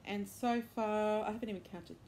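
A woman hosts a casual show-and-tell on her crochet and knitting podcast at home in her bedroom, upbeat and enthusiastic, rambling with fillers and self-corrections. Her medium-pitched voice is a little mellow at a moderate pace, with slight background noise.

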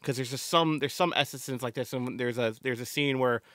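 Speaking fairly quickly in a mid-range, slightly bright voice, this man co-hosts a podcast and rambles through casual chat full of fillers and restarts. The sound is clean studio audio with no room sound.

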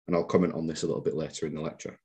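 Husky-voiced man giving a history lecture. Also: rumbling low, flat delivery, darkish tone. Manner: measured, reads out quotations, occasional fillers. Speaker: museum lecturer. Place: lecture room.

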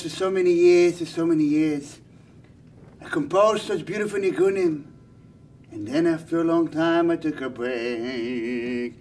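A man doing an impression of a famous singing rabbi, telling a comic story in a slow, dreamy, sing-song voice with Yiddish words. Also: a little high, darkish tone, recorded from a distance, slight background noise, pitched below the performer's own voice. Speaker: comedian. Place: live event.

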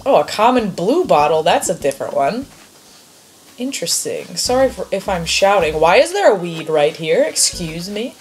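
A woman chatting excitedly and swearing lightly as she comments on a game she is playing. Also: fairly low pitch, normal speed, soft background music. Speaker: gamer. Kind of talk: casual gameplay commentary.

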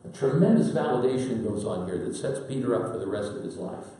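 A man preaching a sermon in a folksy storytelling manner with dramatic pauses. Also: mid-range voice, animated, mellow. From Pacific Northwest, United States. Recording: very echoey hall, voice from far off.

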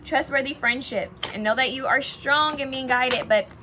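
A woman's voice: high-pitched, normal speed, pushed and bright, a little hiss or hum. A young woman giving a casual pick-a-card tarot reading, chatting and thinking aloud as she pulls cards.

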